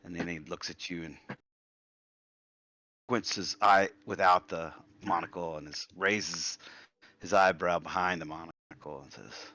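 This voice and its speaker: A man's voice: low voice, fairly even intonation, measured pace, bright, forceful tone, dull audio. A man narrating a tabletop game as game master, describing actions casually.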